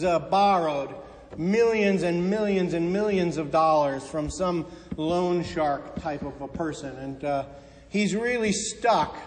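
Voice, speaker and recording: A man preaching a sermon, retelling stories and quoting the figures in them, dropping soft and slow at the key points. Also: high-pitched, big-room sound. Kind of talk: sermon storytelling.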